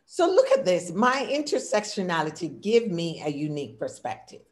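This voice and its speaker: Older woman speaking with an accent, low voice. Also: big pitch swings, normal speed. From immigrant. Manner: warm, talkative, speaks in short lists; audible non-native English accent. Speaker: diversity consultant and workshop speaker. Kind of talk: presenting a workshop over a video call. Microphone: video call.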